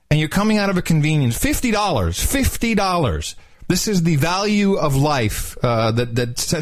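A man co-hosting a podcast in casual chat, ranting and exclaiming. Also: fairly high pitch. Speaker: podcast co-host.

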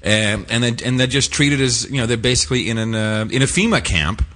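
A man's voice: mid-range voice, animated, a little fast, sharp tone. A man co-hosting a casual podcast, rambling through a film recap with fillers, restarts and laughs. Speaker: podcast co-host. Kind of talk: casual chat.

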